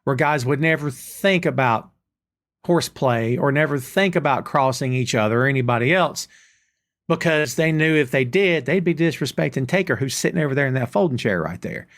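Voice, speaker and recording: A man's voice: mid-range voice, normal speed, fairly bright tone. A man hosting a podcast, talking in an opinionated, casual way straight to his listeners. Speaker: podcast host. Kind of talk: casual chat.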